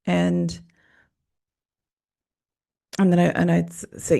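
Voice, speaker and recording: A woman's voice: lowish voice, monotone, slow pace, vocal fry, long pauses, dark tone. A woman hosting a podcast in a casual, rambling monologue, swearing and cutting herself off often. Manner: profane, rambling, self-interrupting. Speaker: podcast host.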